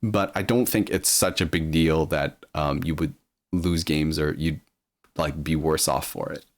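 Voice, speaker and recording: A man with a low speaking voice who streams live, reading viewer messages aloud and answering them casually with many ums. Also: steady tone, unhurried.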